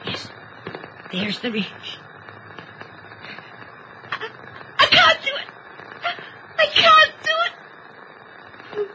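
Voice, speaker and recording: A woman's voice: high voice, big pitch swings, slow, long pauses, full character voice. A woman playing a frantic, stammering young wife. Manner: panicky, pleading, stammering. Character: frantic young wife talked through emergency surgery. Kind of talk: old radio drama acting. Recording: dull, hissy old recording.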